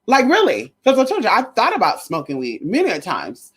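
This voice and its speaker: A woman vlogger with a husky, medium-pitched voice talks fairly quickly, ranting casually to her camera. She swears, stresses her points and tells stories with animation, at times drifting into a preachy, sermon-like tone.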